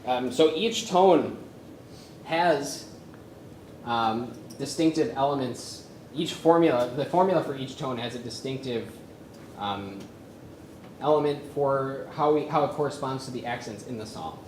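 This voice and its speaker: A man's voice: medium pitch, a little mellow. Guy teaching chant at a workshop, lots of ums, echoey room with a faint hiss. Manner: halting with many fillers, hums melodies to demonstrate. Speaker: music workshop presenter. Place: conference room with a live audience. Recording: roomy echo from a lecture space.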